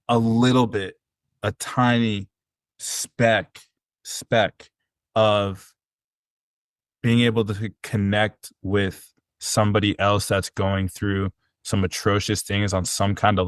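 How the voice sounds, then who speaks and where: Low-voiced guy chatting on a podcast, earnest, lots of likes and restarts, dry close sound. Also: no echo. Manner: earnest, rambling with many fillers and restarts. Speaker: podcast guest, personal trainer. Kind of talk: casual conversational storytelling.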